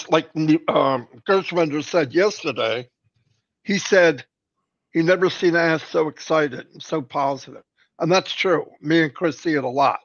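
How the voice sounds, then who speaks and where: A man's voice: a little high, no room sound, lo-fi sound. A man hosting a casual live stream, talking earnestly and rambling with many restarts. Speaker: host.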